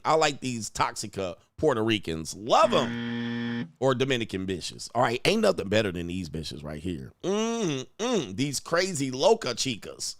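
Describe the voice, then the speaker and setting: A man's voice: medium pitch, a bit bright, no echo, studio quality. A man hosting a casual reaction commentary, mocking and profane as he talks over clips. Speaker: host.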